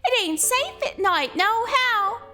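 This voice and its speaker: A woman's voice: very high voice, animated, takes it slowly, pushed and bright, faint music behind, voice pushed up, exaggerated voice. A woman voicing a lazy, folksy old male fisherman in a drawling rustic way. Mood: gruff warning.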